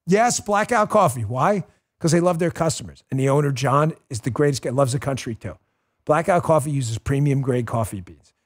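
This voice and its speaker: A middle-aged man hosting a political talk show, speaking in an animated, emotional, exclamatory way. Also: medium pitch. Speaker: podcast host.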